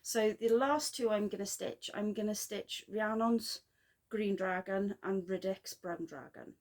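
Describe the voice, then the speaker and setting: A woman chatting casually in a craft vlog, rambling and self-deprecating with quick asides. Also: medium pitch, a little mellow. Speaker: flosstube vlogger. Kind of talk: casual chat.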